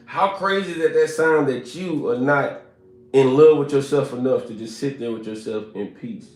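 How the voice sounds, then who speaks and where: A man's voice: mid-range voice, moderate pace, a little mellow. A man giving a motivational live stream talk, emphatic and preacher-like, repeating his points and asking the chat to respond. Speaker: motivational speaker. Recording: roomy echo with faint music.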